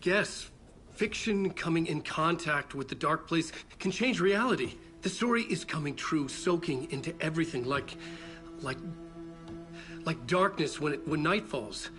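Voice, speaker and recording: A man voicing a haunted novelist in a game, his fairly high voice strained and halting, often breaking off and sinking toward a whisper. Tense game music runs clearly beneath him. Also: close to an everyday voice. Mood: troubled. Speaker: writer under questioning.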